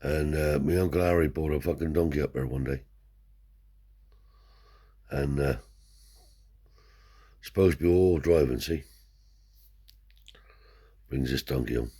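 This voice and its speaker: A man's voice: extremely low pitch, measured pace, long pauses, mellow, husky. An older man, a Romany traveller telling rambling stories in broad dialect, peppered with swearing and "see?". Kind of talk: rambling oral storytelling.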